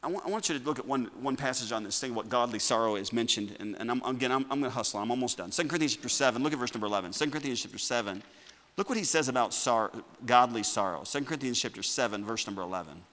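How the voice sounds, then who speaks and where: A man preaching a sermon to his church, moving between loud declarations and quiet asides. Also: medium pitch, racing. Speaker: pastor. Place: church sanctuary. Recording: long reverb of a church hall.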